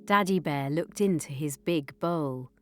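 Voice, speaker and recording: A woman reading a children's story aloud in a slow, clear, expressive way. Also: deep voice, over loud music.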